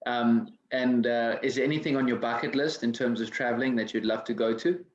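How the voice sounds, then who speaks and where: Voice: medium pitch, fairly even intonation, brisk. An interviewer asking casual questions with many hesitant fillers. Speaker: interviewer, host. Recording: echoey, dull lo-fi sound.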